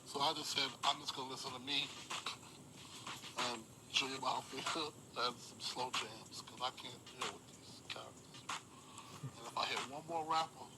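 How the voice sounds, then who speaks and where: A man's voice: mid-range voice, moderate pace. A man talking in a laid-back, drawling way and chuckling between remarks, in a played clip. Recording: loud background noise. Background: loud noise.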